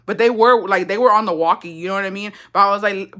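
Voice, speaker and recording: A woman's voice: mid-range voice, fast talker, sharp tone. A young woman from Texas telling a story on her livestream, blunt and heavy with swearing, dropping Spanish phrases in. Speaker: livestream host. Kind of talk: casual livestream chat, storytime. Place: indoors, livestream.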